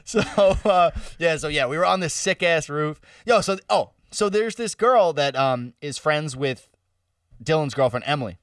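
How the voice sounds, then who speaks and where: Young guy cracking up telling a story, high lively voice, dry sound a bit off mic. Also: normal speed, smooth, no room sound, distant mic. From Long Island, New York. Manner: laughing, slangy storyteller. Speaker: podcast co-host. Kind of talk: casual chat.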